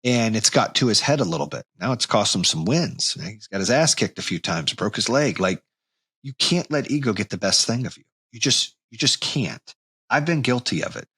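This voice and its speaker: A man's voice: lowish voice, moderate pace, husky, no echo. A man in his forties hosting a podcast, giving a blunt motivational monologue with casual swearing. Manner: blunt, swears casually, animated when reenacting anger. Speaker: podcast host.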